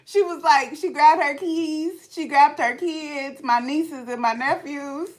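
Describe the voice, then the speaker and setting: A woman vlogger from Ohio tells stories casually to her live chat, her voice sitting high and moving at a slow pace. She swings between hushed asides and loud outbursts.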